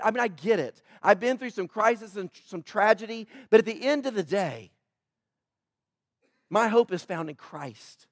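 A male pastor with a high voice preaches a sermon before his church congregation, recorded dry and close with no room sound. He speaks emphatically, swinging between loud build-ups and hushed asides, and addresses the congregation directly to call for responses.

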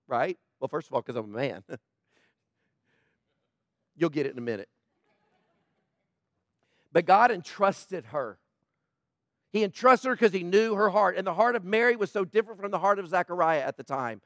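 A man's voice: high-pitched, normal speed, dry recording, studio quality. A man preaching a sermon in a conversational way, joking with people in the congregation. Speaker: pastor.

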